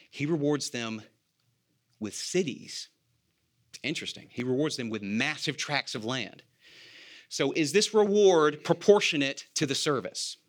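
Male preacher, mid-pitched, conversational sermon delivery with rhetorical questions, repeats key lines, light self-deprecating humor. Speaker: preacher, elder candidate.

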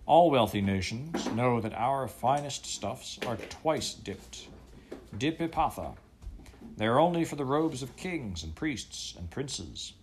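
A man's voice: mid-range voice, expressive, slow pace, noisy background, voice pushed up. A man voicing a proud, scornful ship captain with a growling, blustering manner.

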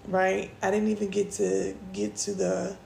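A young woman tells a personal story on her podcast in a loose, chatty way, calling her listeners y'all. Her voice is heavily gravelly and mellow. The room echoes, with faint ambience behind her. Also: mid-range voice, sing-song, measured pace, slight background noise. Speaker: podcast host. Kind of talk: casual storytelling.

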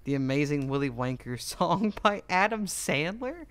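A young man in loose podcast banter, telling rambling stories full of "like." His voice sits a little high for a man. He laughs often and chatters on easily. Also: very animated, normal speed, a bit bright. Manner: rambling storytelling, lots of "like", bursts of laughter. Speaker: podcast co-host. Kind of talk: casual crude chat.

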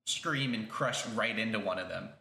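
A man's voice: lowish voice, moderate pace, gravelly, reverberant. A man running a tabletop game as game master, narrating casually and swearing now and then. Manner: casual, swears, puts on shouted voices for characters.

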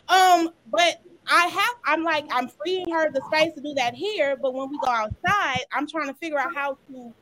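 Animated mother, high-pitched, casual panel chat, asks the group for tips. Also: normal speed, hardly any pauses, a little hiss or hum. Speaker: parent panelist.

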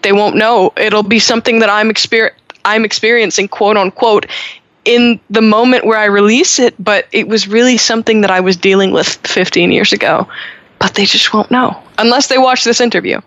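A woman's voice: mid-range voice, fairly even intonation, moderate pace, a bit bright, dry recording. A young woman from Montreal, a singer-songwriter guest, chatting upbeat and talkative with frequent restarts. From Montreal, Canada. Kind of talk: casual interview chat. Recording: dull lo-fi audio.

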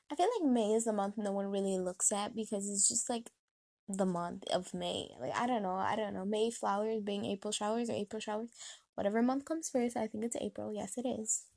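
A young woman vlogging in a casual, rambling chat, talking fast with lots of fillers. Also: medium pitch, creaky, dark tone. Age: young adult. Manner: fast, filler-heavy, chatty and nosy.

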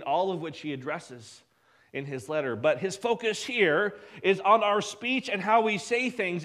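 A man preaching a sermon, emphatic, often dropping his voice low and quiet for weight. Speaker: pastor.

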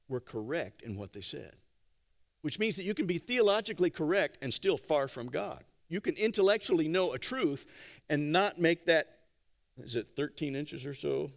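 A man preaching a sermon, telling stories conversationally with gentle humor and acting out quotes. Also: on the high side. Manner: animated storytelling with acted-out quotes. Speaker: pastor.

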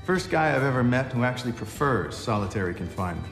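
A sardonic man, fast and lively, echoey hall, score loud behind. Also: medium pitch, over loud music. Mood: mocking. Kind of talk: film dialogue.

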